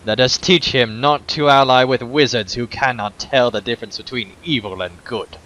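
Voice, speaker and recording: A man's voice: mid-range voice, moderate pace, bright, forceful tone, close to an everyday voice, low-quality recording. A man voicing a proud, stern male dwarf warrior, reading game dialogue aloud in a stiff, formal way. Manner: formal, stiff-spoken, reads in character.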